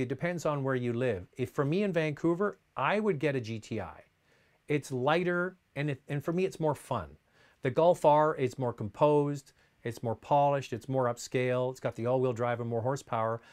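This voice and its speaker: A man hosting a casual question-and-answer chat, a chatty storyteller who trails into restarts and asides. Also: medium pitch. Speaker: host.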